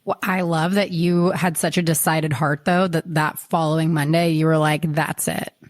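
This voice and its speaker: A woman's voice: low-pitched, level tone, normal speed, no room sound. A woman hosting a podcast interview who affirms and encourages her guest. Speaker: podcast host. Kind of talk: casual interview.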